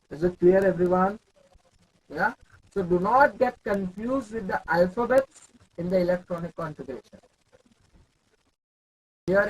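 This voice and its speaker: A young man with an Indian English accent teaches chemistry in a live online class, calling on students by name and repeating his questions. His voice sits high and sounds husky, and the audio is poor.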